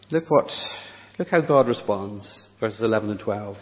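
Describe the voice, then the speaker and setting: A man preaching a sermon, dramatic, dropping to a hush on key words. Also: lowish voice, lively intonation, moderate pace. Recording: echoey hall, tinny phone-like sound.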